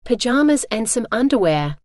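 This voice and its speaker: A woman's voice: fairly high pitch, very animated, no room sound, studio quality. A woman's synthetic reading voice speaking the lines of a cheerful, chatty young woman visiting a friend. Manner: bright, chatty, quick.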